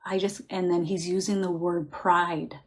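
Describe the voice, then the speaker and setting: A woman with a slightly low voice leads a live psychic reading. She sounds chatty and reassuring, breaks into soft laughs now and then, and calmly coaches listeners to relax and sense the answer in their bodies. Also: a little slow. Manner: guides listeners to relax and feel answers in the body. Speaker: psychic medium.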